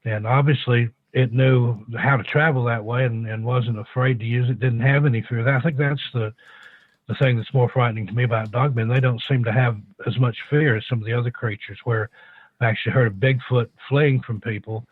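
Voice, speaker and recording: A man's voice: mid-range voice, steady tone, brisk, slightly rough, no room sound. Man on a tinny phone line. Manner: thoughtful, hesitant, many restarts and fillers. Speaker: guest. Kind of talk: call-in radio interview.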